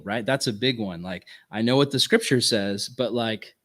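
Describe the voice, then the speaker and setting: A man of middle pitch gives a ministry workshop talk with an earnest, conversational delivery. He often tosses in casual "right?" asides. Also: normal speed, fairly bright tone.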